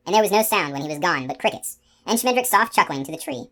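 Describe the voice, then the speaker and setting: A woman narrating a fantasy novel aloud in a steady, expressive reading voice. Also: lowish voice, fast, few pauses. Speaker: audiobook narrator. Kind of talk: scripted narration.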